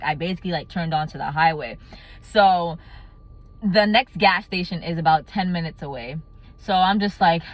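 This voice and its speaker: A young adult woman telling a casual storytime vlog, animated and laughing often. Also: on the low side. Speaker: vlogger.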